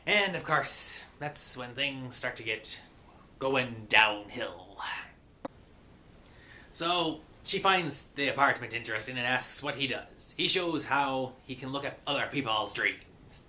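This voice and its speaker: A man's voice: medium pitch, lively intonation, takes it slowly, sharp tone, slight background noise. A man giving a casual recap and review of a cartoon episode, slipping into mock pirate grammar.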